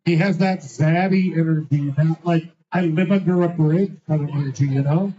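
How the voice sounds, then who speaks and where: A man's voice: a little high, steady tone, normal speed, warm tone. A man hosting a live trivia night, reading out answers with a teasing, sarcastic manner. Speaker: trivia host. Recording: dull lo-fi sound.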